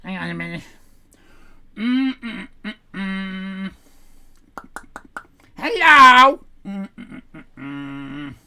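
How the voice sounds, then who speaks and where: A woman playing a sassy, brash sixteen-year-old Irish girl, hosting a live stream in character and rambling loudly to herself. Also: medium pitch, sing-song, very slow, creaky, pauses often, slight background noise, full character voice. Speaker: livestream host in character.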